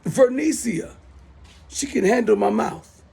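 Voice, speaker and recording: A middle-aged man hosting his own self-styled show speaks slowly in a very high-pitched voice that's creaky, dark, and husky. Into his smartphone he delivers a heated, repetitive, profane rant to camera.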